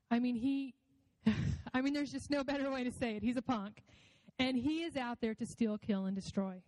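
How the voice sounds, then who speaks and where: A woman's voice: on the high side, a little mellow, dry recording, long reverb tail, poor audio. A woman giving a personal faith testimony in an earnest, reflective and emotional way.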